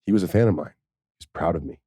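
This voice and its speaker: A man's voice: low voice, racing, breathy edge, no echo, studio quality. A man, a former pro football player, tells a candid, profane personal story in a podcast interview, and he is tearful at times. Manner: candid and profane, with laughs and soft, choked passages.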